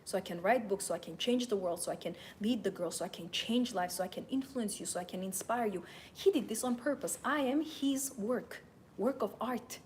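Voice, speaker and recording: A woman's voice: medium pitch, fairly quick. Young woman host, assertive and passionate, mid-range voice, faint noise underneath. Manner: passionate, emphatic, self-assured. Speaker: host and femininity coach. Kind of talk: live-streamed motivational talk.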